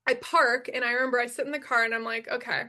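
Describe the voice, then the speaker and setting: A woman's voice: a little high, fairly even intonation, fast, pushed and bright. A young adult woman as a podcast guest, telling a personal story in a blunt, emphatic way, swearing freely and repeating her key lines.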